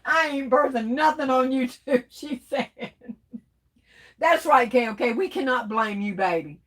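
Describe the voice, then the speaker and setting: A woman's voice: high voice, normal speed, a bit bright. Chatty woman reading chat. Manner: chatty, laughing, reads comments aloud. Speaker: livestream host reading chat. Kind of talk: casual livestream chat.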